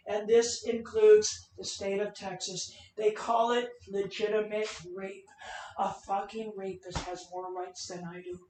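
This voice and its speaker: A woman giving an emotional personal testimony as a keynote speaker, swinging from loud outbursts to hushed lines. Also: mid-range voice. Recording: roomy, from a distance, faint noise.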